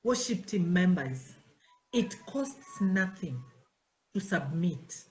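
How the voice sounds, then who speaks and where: A woman's voice: fairly low pitch, slow, roomy sound, a little hiss or hum, poor audio. A woman, a pastor's wife giving an informal church teaching to her worship team and acting out conversations in different voices. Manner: animated, acts out dialogues in changing voices.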